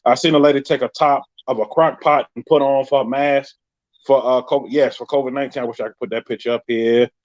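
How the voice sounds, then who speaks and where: The audio here is a muffled, lo-fi live stream: a fast-talking man with a New York accent and mid-range voice hosting a casual podcast. His storytelling is lively and jokey, punctuated by frequent laughs.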